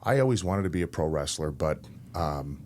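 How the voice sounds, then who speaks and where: Very deep-voiced man telling stories. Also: moderate pace, slight background noise. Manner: relaxed anecdotal, laughs between lines. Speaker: wrestler guest. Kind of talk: casual interview storytelling.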